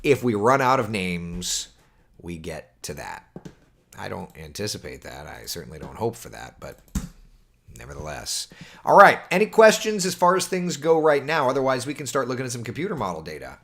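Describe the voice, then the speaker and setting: A man's voice: medium pitch, moderate pace, gravelly, slight background noise. A man, a TV meteorologist, chatting casually on a livestream and answering viewer questions. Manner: chatty, animated, reads viewer comments aloud.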